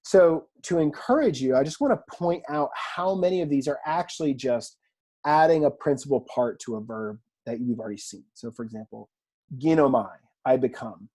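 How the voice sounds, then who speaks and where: A man teaching a recorded online language lesson in a relaxed, chatty way, with fillers and asides, from a room at home. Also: mid-range voice, normal speed, slightly rough. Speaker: Greek teacher.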